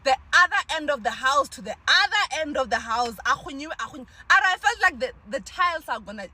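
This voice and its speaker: A woman tells a spooky story in a high, bright voice that swings widely in pitch. She is animated and exclaiming, and she drops local words into her telling. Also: a little fast, low-quality recording. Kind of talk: dramatic storytelling.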